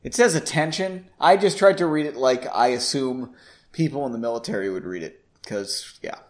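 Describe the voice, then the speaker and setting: A man's voice: mid-range voice, expressive, moderate pace. A man hosting a podcast, reading a novel aloud with chatty, self-deprecating asides. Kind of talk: casual story reading with asides.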